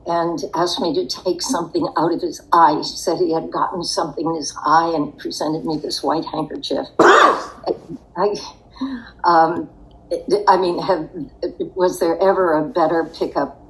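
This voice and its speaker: A woman's voice: deep voice, steady tone, a little slow, fairly bright tone, low-quality recording. An older woman telling a personal story in a podcast interview, in a reflective, wry way. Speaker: interview guest.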